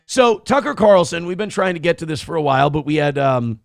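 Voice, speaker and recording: A man hosting a morning livestream show, reading donations in loud, crude, fast banter. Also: fairly high pitch, expressive, creaky, no echo, clean studio sound.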